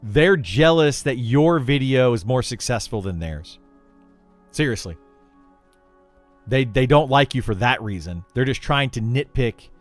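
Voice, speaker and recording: Soft background music plays behind a man with a mid-range voice speaking at a measured pace. He makes gaming videos, and in this casual livestream chat he rants with animated exasperation, laughing often.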